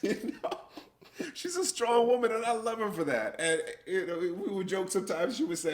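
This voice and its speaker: A man's voice: high-pitched, normal speed. A middle-aged man co-hosting a podcast, telling stories with laughs and acting out what people said. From United States. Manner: animated storytelling, acting out quotes with laughs. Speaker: podcast co-host. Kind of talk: casual chat.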